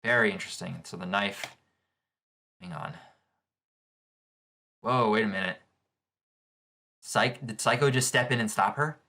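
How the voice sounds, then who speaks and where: A man hosting a casual live reaction to a manga chapter, gushing with excitable exclamations as he reads along. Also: lowish voice, a little slow, gravelly, pauses often. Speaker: manga reaction channel host.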